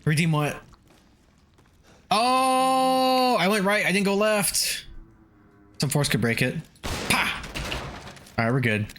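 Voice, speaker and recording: A young man streaming a video game, chatting with viewers, swearing and yelling at the game in between. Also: high-pitched, slow pace, long pauses. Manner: animated, swears and yelps at the game, laughs often. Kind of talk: casual gameplay livestream chat.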